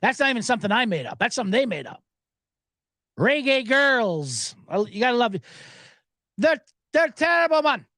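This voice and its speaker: A man's voice: very high-pitched, big pitch swings, normal speed, pauses often, bright, forceful tone, dry recording, studio quality. A man hosting a sports betting show, talking in a loose, joking, profane ramble full of asides. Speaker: sports betting podcast host. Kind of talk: casual rambling commentary.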